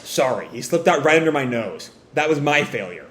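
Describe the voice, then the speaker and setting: A man's voice: fairly high pitch, sing-song, fairly quick, a bit bright, a little hiss or hum. A man voicing a dutiful male ninja lookout who speaks formally and respectfully. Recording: roomy echo.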